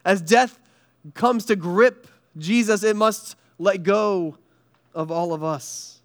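A man with a high, smooth, clear voice preaches a sermon. He speaks earnestly, leaving pauses and letting his voice fall quiet and low on the weightiest lines. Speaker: pastor.

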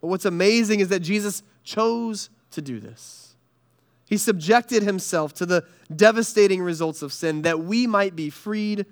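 A man preaching a sermon in an earnest style, pausing often and dropping soft and low on heavy lines. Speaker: pastor.

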